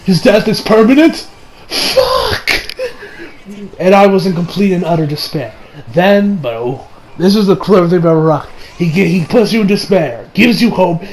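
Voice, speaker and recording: A young man casually reviewing an anime episode, excitable and swearing, acting out scenes with sudden shouts. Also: high-pitched, slight background noise.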